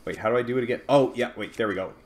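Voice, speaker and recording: A man hosting a let's-play, giving excitable, casual commentary, swearing at and taunting enemies. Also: medium pitch, rapid-fire, faint music behind. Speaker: gaming channel host.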